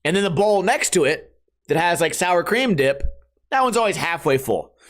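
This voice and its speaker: A man in his thirties hosting a casual solo podcast, rambling and joking with lots of swearing and quick impressions of friends. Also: high-pitched, lively intonation. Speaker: podcast host.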